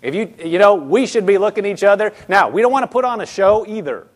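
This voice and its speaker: Man, pastor, sermon, high voice, lively conversational preaching, quick restarts. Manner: acts out quoted people in his own voice.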